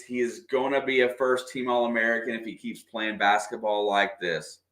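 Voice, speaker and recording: A man doing casual, partisan play-by-play of a basketball game for a livestream, excitable and quick to react to the officials. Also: mid-range voice. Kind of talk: fan play-by-play commentary. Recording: echoey room.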